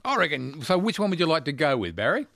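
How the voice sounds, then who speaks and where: Playful quizmaster man with a lively voice. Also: a little high, fast talker, dry recording, clean studio sound. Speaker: quiz host. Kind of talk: casual radio quiz chat.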